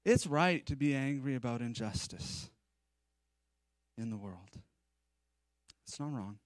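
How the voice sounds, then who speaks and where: A man preaching a conversational sermon at a live-streamed church service. He is animated and chatty, with self-deprecating asides. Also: medium pitch, slow, dry recording. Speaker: pastor.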